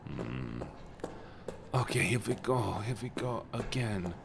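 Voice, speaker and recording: Goofy streamer man with a wildly swinging pitch. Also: big pitch swings, slow, gravelly. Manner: playful and goofy, jumps into high squeaky exclamations. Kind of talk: casual game-stream chat. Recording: noticeable background noise.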